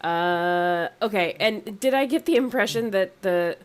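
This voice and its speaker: A woman's voice: medium pitch, unhurried, clean tone. A woman playing a tabletop game, talking casually and hesitantly. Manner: hesitant, restarts. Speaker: player.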